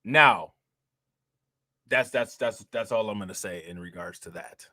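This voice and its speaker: Slangy streamer man with a bright voice. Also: lowish voice, unhurried, no echo. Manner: loose slangy talk, repeats phrases, reads chat shout-outs. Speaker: reaction streamer host. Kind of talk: casual livestream chat.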